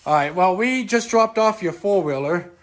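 A man's voice: sits high, lively intonation, normal speed. A man casually narrating family errands to the camera for a vlog, speaking in an easygoing, offhand way. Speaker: parent vlogging family errands. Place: inside a moving car. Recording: noisy car interior.

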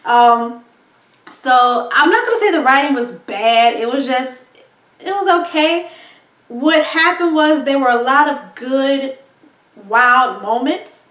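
A woman's voice: sits high, animated, slow, fairly bright tone, far from the mic. A woman reviewing a film in a casual, rambling monologue, full of fillers and frequent laughs. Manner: chatty, rambling, laughs often, lots of ums and likes. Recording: echoey room, voice set back from mic.

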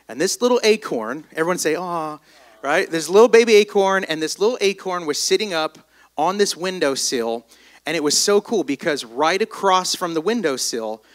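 A man giving a motivational speech at a live event, telling stories with energy and calling on the crowd to respond. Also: on the high side. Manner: energetic, storytelling, calls on the crowd. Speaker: motivational business speaker.

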